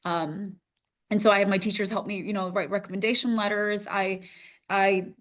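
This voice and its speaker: A woman in her thirties from Minnesota, a news reporter telling her story as a podcast guest, animated and laughing often. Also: medium pitch, normal speed. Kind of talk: casual interview storytelling.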